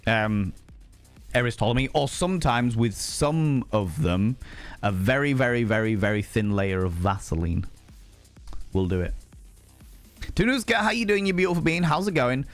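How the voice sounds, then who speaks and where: A young man chatting casually on a live stream, animated and swearing freely, jumping high in pitch for emphasis. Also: moderate pace, pauses often, faint music behind.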